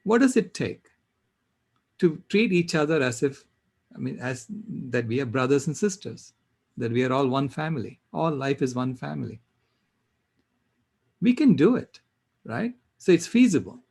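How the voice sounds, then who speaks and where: An older man tells a personal story to a panel in an animated, emphatic way. His pitch swings up and down as he stresses points. His voice is husky with a gravelly fry. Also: moderate pace, long pauses, no echo. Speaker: panel speaker.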